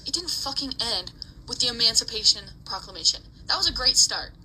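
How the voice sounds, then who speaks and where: A woman's voice: fairly high pitch, lively intonation, fairly quick, pushed and bright, slight background noise, poor audio. Heated, swearing woman ranting. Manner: angry, swearing, emotional. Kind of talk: heated rant to camera.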